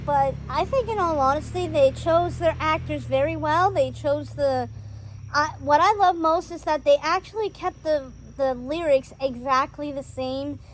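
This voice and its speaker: A woman hosting a casual movie review vlog outdoors on a driveway, talking in an excitable, rambling way with lots of fillers. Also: high voice, slight background noise. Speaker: host reviewing films.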